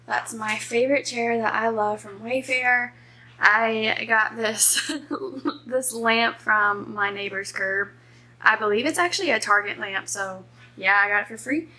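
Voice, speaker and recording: A woman chatting excitedly as she recaps a book for her vlog, with the odd breathy whispered aside, filmed at home on a tripod camera. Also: on the high side, measured pace. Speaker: book vlogger. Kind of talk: casual reading vlog chat. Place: home reading nook, indoors. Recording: roomy echo with faint background noise.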